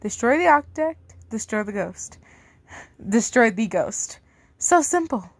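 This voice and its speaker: A woman voicing a menacing, obsessive older brother in a fan fiction read aloud, calm and coldly threatening. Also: on the high side, a little slow, breathy edge, dry recording, heavily acted.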